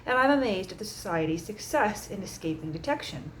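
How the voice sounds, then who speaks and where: A woman's voice: medium pitch, animated, brisk, fairly bright tone, a little hiss or hum, close to an everyday voice, low-quality recording. Woman reading as an earnest, questioning young man. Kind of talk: audiobook reading.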